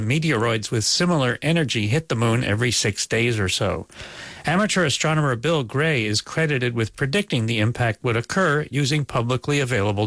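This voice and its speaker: Male radio newsreader, even delivery. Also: medium pitch, no room sound. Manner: even, scripted. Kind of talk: radio news bulletin.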